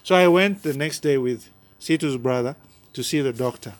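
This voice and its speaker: A man's voice: mid-range voice, normal speed, dry recording. Earnest man telling his story. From Uganda. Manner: earnest storyteller, repeats and restarts words. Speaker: pastor. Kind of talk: personal testimony in an interview.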